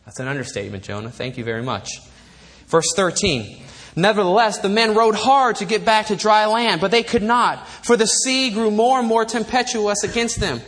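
High-voiced man preaching in a reverberant hall. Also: normal speed. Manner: emphatic, animated, with wry asides. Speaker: pastor. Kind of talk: sermon. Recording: long reverb of a large hall.

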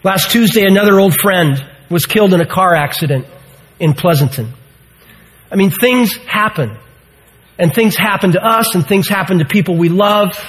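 A man's voice: sits high, moderate pace, rough recording. A man in his sixties preaching a sermon, earnest and emphatic, full of rhetorical questions. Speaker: pastor.

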